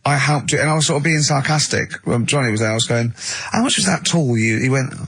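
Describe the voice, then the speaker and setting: Husky man spinning a rambling radio anecdote. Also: mid-range voice, quick pace, fairly bright tone, no echo. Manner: rambling anecdotes, acting out the people he quotes. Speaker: radio co-host. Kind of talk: casual radio banter. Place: radio studio.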